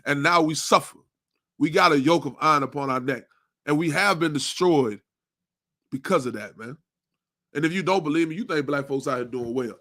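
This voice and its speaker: Insistent preaching man, fairly high voice. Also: moderate pace, dry recording, clean studio sound. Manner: tags nearly every sentence with "man" and "you understand?"; forceful, insistent preaching with rhetorical questions. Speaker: religious class teacher. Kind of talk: preaching Bible class.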